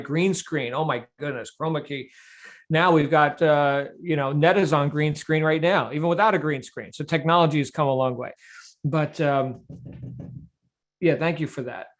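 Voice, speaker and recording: A middle-aged man hosting a daily group video call, chatty and encouraging. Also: fairly high pitch. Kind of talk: casual upbeat hosting.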